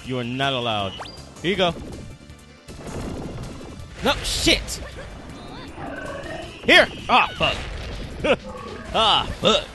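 A man's voice: on the high side, very animated, moderate pace, over music. A man doing game commentary, rambling through explanations and swearing at the enemies on screen. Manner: swears and scolds the game's enemies; rambling, self-repeating explanations. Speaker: let's play host.

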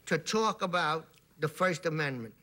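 High-voiced New comedian. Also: male voice, lively intonation, normal speed, bright, forceful tone. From Brooklyn, New York. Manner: rambling storyteller, acts out voices. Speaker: comedian guest. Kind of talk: talk-show anecdotes.

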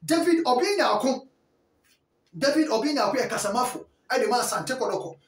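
A man with a Ghanaian accent giving emphatic, opinionated football commentary, his voice rising into bursts of near-shouting. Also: very high-pitched, lively intonation, moderate pace. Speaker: sports commentator. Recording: roomy echo, distant mic.

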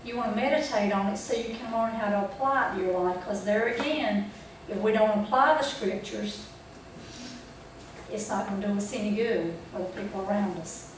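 This is a church training talk: a woman with a medium-pitched voice and moderate pace teaches a Bible study group in a folksy manner. She keeps checking in by posing questions to the group. The mic sits far off in an echoey room, and background noise is present.

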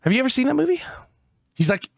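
Lively, joking male podcast co-host. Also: very high voice, quick pace, creaky, dry recording, studio quality. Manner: joking, profane, breaks into quoted voices. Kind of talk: casual podcast chat.

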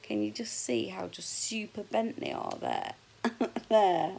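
A woman in her forties with a husky voice, chatting frankly and jokily to camera in a casual vlog, sometimes dropping to a whisper. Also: mid-range voice, huge pitch swings, moderate pace, rough recording. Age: 40s. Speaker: vlogger.

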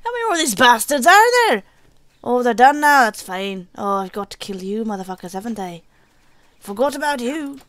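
A woman talks over her gameplay in a high voice, cursing freely and chatting to viewers. Her delivery swoops up and down, with a playful mock pirate lilt. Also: big pitch swings, moderate pace, fairly bright tone, no echo. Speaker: gaming channel host. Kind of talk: let's play commentary.

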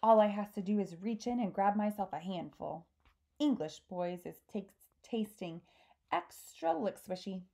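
A woman voicing boastful, greedy male man-eating giants who shout in broken grammar in a storybook reading. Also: medium pitch, lively intonation, a little slow, vocal fry. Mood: gloating. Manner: loud, boastful, gloating.

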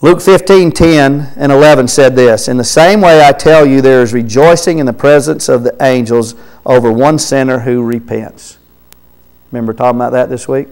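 A man preaching a sermon, reading scripture aloud with rising emphasis and dropping to quiet asides between verses. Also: medium pitch, normal speed, clean tone, low-quality recording. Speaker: pastor. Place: church sanctuary.

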